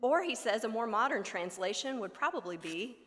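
A woman preaching a sermon in an expressive, rhetorical manner, sometimes dropping to a near whisper for emphasis. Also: a little high, normal speed. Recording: long hall reverb.

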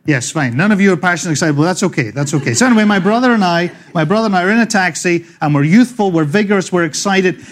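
A middle-aged man with a Scottish accent preaching a sermon, chatty and joking with the congregation, reading scripture slowly and loudly. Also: high voice, lively intonation. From Scotland. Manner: slows and swells when reading scripture. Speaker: pastor. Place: church.

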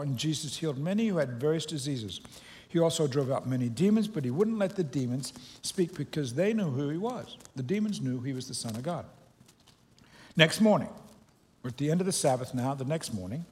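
A man's voice: a little high, slightly rough, big-room sound. A man giving a casual, joking sermon as a pastor, speaking to a congregation in a church. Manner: conversational and joking, with loose restarts. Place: church sanctuary.

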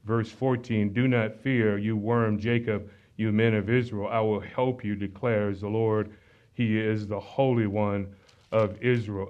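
A pastor teaching a sermon, reading scripture aloud and pausing often to explain verses. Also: male voice, on the low side, darkish tone, muffled recording.

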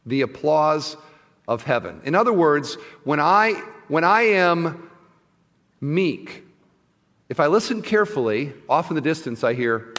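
A man's voice: fairly high pitch, sing-song, a little slow, a bit bright, a little hiss or hum. Conversational male pastor in a reverberant hall. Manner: conversational, asks the audience questions, many restarts. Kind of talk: sermon.

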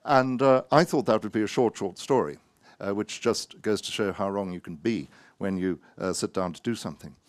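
A man, an author, giving a wry, anecdotal talk full of hesitant pauses and self-mocking asides. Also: lowish voice, no room sound.

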